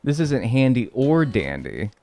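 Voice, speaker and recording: A man's voice: mid-range voice, big pitch swings, unhurried, a little mellow, faint music behind. A man streaming gameplay live, chatting casually with his viewers, joking and swearing freely. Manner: talks to chat and thanks subscribers. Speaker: game streamer.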